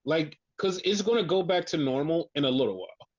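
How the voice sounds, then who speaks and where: High-voiced man in animated casual chat. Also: brisk. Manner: animated, swearing, acts out quotes. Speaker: podcast co-host. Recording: dull lo-fi podcast audio.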